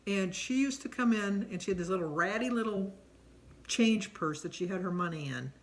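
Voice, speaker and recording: A woman's voice: mid-range voice, animated, moderate pace. A middle-aged woman chatting casually on camera while answering a tag questionnaire, rambling with lots of ums. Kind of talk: casual chat.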